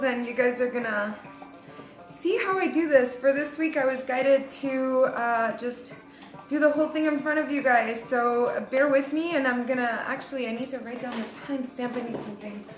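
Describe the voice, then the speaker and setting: A woman's voice: high voice, normal speed, fairly bright tone, roomy sound, faint music behind, low-quality recording. A young adult woman giving a casual, rambling tarot reading, chatty and laughing at herself. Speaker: tarot reader.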